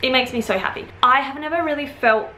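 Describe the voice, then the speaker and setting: Young aussie woman with a half-british accent, chatty vlog at home, really bright voice, echoey room. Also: high voice. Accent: Australian with British influence. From Australia. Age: 20s. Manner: chatty, rambling, quick asides. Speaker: vlogger. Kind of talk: casual chat to camera. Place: at home, indoors.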